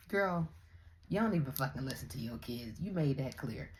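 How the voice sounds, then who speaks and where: A young woman vlogger ranting in a blunt, profane, animated way as she comments on other creators. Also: very deep voice, normal speed, a little hiss or hum. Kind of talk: casual commentary rant.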